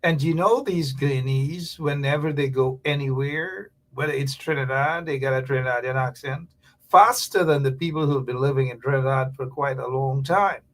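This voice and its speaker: A man hosting a casual livestream talk show, chatty and animated, sometimes dropping to a whisper for asides. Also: medium pitch, normal speed.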